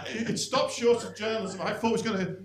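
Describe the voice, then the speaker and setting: A man's voice: high-pitched, steady tone, quick pace, heavy background noise. A middle-aged man from St Helens with a Northern English accent, doing a dry, rambling stand-up set in a comedy club. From North West England. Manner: dry, self-deprecating, rambling delivery with frequent "really" tags. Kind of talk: live stand-up routine. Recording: echoey club with audience. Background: audience laughter.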